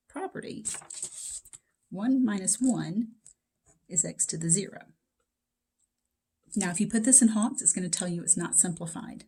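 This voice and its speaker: A woman's voice: on the low side, warm tone, slightly rough. A woman teaching math in a casual recorded lecture, talking straight to her students in a chatty way from her home basement. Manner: chatty, talks to students directly.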